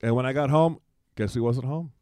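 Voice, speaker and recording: A man's voice: medium pitch, brisk, dark tone, clean tone, no echo. A man in his forties, a guest in a casual conversation, telling a personal story and acting out quoted dialogue in livelier voices, with frequent restarts.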